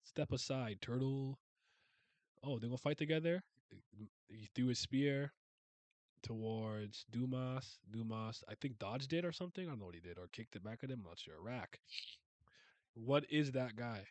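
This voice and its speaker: A man's voice: medium pitch, normal speed, darkish tone, no echo. A man giving casual reaction commentary, ranting in exasperation with frequent exclamations and stammered restarts. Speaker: webcomic reaction host.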